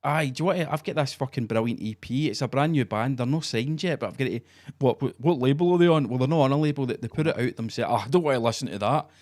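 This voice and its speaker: A man's voice: mid-range voice, fast talker, darkish tone. A Scottish man in his forties, co-hosting a podcast in sweary, mocking casual chat. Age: 40s. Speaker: podcast co-host.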